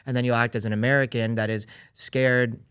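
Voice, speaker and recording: A man hosting a podcast, interjecting often with quick agreement. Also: medium pitch, flat delivery, a bit bright, clean tone, no echo, studio quality. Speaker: podcast host. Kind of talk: casual interview chat.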